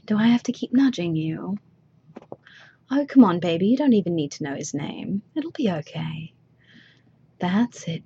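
A woman speaks close to a dry microphone in an adult audio role-play, her voice soft, breathy and mellow. She teases, coaxes and soothes in turns. The recording sounds a little dull and lo-fi. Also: mid-range voice, no room sound. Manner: teasing, coaxing and soothing.

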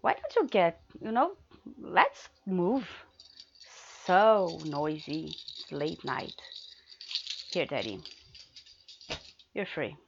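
A woman performing an adult audio role-play in a teasing, commanding manner, swinging between hushed murmurs and loud outbursts. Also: on the low side, sing-song, slow pace, gravelly, pauses often, dull audio.

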